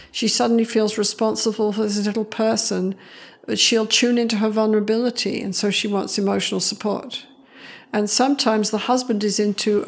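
Animated woman psychologist telling stories. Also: medium pitch, gravelly. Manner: expressive, acts out voices in anecdotes; laughs often while explaining. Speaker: psychologist guest. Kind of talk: interview storytelling.

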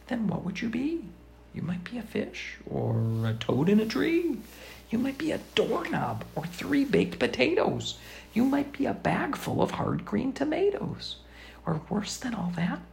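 Gravelly dad reading a rhyming storybook. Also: male voice, very high-pitched, wildly swooping pitch, measured pace, a little mellow, slight background noise. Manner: sing-song rhythmic reading, often dropping to a whisper. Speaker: father reading aloud. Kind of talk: storybook read-aloud.

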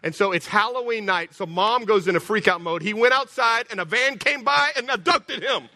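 A man preaching a storytelling sermon, animated, stumbling over repeated words and calling out to the congregation. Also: high-pitched, moderate pace. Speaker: pastor.

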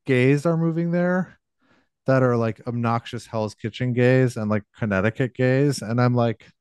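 A man's voice: medium pitch, smooth, no echo, studio quality. A man co-hosting a podcast in casual chat, telling rambling stories full of fillers. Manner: rambling storyteller, many fillers. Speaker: podcast co-host.

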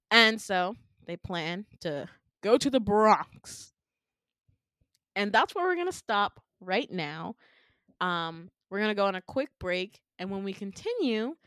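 Animated young woman telling a story. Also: mid-range voice, clear, resonant tone, no room sound, studio quality. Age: young adult. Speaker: podcast co-host telling her dream. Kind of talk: casual chat, storytelling.

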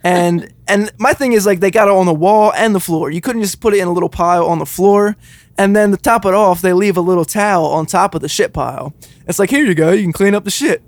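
A man on a casual podcast, telling a story at a fast clip. His voice sits a little high for a man and stays animated, with easy swearing along the way. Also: no echo. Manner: animated, swears freely, laughs through his stories. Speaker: podcast co-host.

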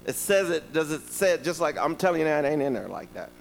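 A man preaching a sermon, telling stories and talking directly to the congregation in a lively, conversational way. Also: on the high side, fast, vocal fry, long reverb tail, low-quality recording. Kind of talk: sermon with storytelling.

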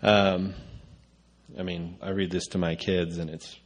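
A man's voice: low-pitched, level tone, a little slow. A man preaching a conversational sermon, casual and rambling with frequent filler sounds.

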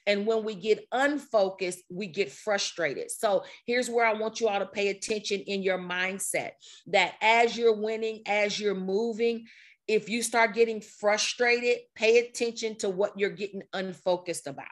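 A woman's voice: mid-range voice, moderate pace. Woman coach on a video call, voice a bit strained, chatty and upbeat, laughs a lot. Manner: energetic, conversational, with laughs and repetitions. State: slightly strained voice. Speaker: coach leading an online group session. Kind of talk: motivational talk to a group.

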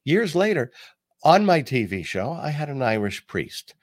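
An older man hosting a talk podcast, telling stories and reading quotes in a casual, animated way. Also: medium pitch, no room sound, studio quality. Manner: animated, reads quotes aloud, pauses with ums. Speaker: podcast host. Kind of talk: casual commentary and storytelling.

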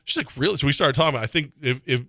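A man hosting sports radio, talking animatedly with laughs and sudden shouts, reading ads in a studio. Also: mid-range voice, very fast, dry recording. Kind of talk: casual sports radio banter with live ad reads. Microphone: close studio mic.

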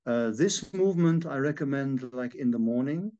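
Calm man guiding a stretch. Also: medium pitch. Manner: calm, slow step-by-step instructions. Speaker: movement teacher. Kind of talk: guiding a relaxation exercise. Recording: dull lo-fi sound.

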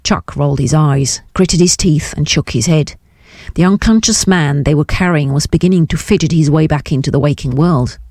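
A woman narrating a novel in a measured, descriptive audiobook reading. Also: sits low, a little mellow, no echo, studio quality. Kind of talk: scripted narration.

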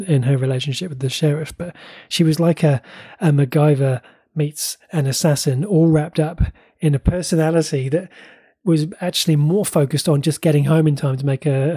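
Recorded in studio quality with no room sound, a slightly high, dark-toned, breathy male voice comes from an English podcast co-host. He chats casually about shows and entertainment, often restarting sentences and putting on playful mock outrage.

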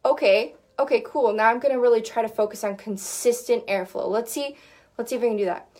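A woman vocal coach talks through a lesson in a loose, chatty way, with a slightly high voice. She fills her explanations with fillers and breaks off to sing short demo notes. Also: a little fast, darkish tone, slight background noise. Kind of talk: casual teaching chat.

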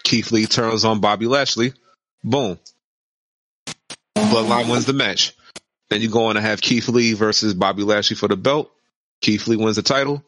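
A man casually pitching wrestling storylines in quick, matter-of-fact beats. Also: fairly even intonation, noisy background. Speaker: wrestling podcast co-host. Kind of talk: casual chat.

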